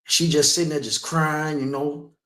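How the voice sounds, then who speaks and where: A man's voice: on the high side, flat delivery, normal speed, bright, forceful tone, roomy sound. A man preaching in the street, telling a personal story with emphasis and asking listeners again and again whether they understand.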